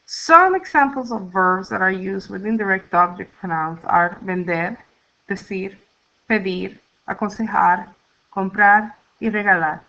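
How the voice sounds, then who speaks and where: A woman teaching a language class, explaining grammar rules slowly and clearly and sounding out syllables for students. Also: mid-range voice, sharp tone. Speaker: Spanish teacher. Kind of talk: recorded classroom lesson. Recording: dull lo-fi recording.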